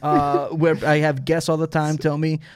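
A man's voice: a little high, monotone, moderate pace, smooth, dry recording. A man from the Bay Area chatting as a podcast guest, joking and rambling with fillers into a close mic. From San Francisco Bay Area. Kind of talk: casual podcast chat.

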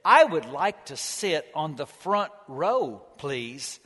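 A man's voice: on the high side, very animated, slow, bright, forceful tone, slightly rough, long reverb tail, full character voice. A man voicing an indignant elderly woman visiting a church, in a sermon joke.

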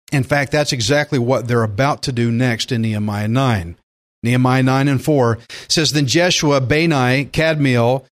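Man, pastor, sermon, fairly high voice, animated, loud emphatic bursts, acts out quoted prayers.

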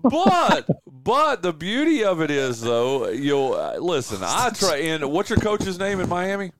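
Talking sports casually on his radio show, a southwestern Virginia man speaks emphatically and keeps saying "dude." His voice is on the high side with wildly swooping pitch and an unhurried pace, captured on a studio mic with a crowd in the background.

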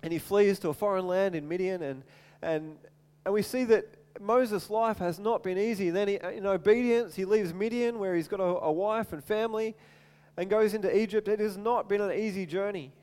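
A man preaching a sermon as animated storytelling, acting out voices and often repeating words, in a large hall with long reverb. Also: sits high, normal speed, smooth.

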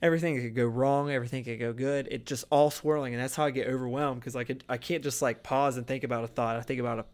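A man's voice: medium pitch, steady tone, fast, hardly any pauses. Earnest rambling young man. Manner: rambling, restarts thoughts, earnest. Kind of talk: casual chat.

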